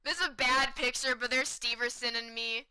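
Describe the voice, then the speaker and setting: Young woman streamer, bright clear voice, chatty excited storyteller, slightly high. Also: normal speed, poor audio. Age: 20s. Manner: excited, chatty, repeats words for emphasis. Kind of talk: casual storytelling to stream chat.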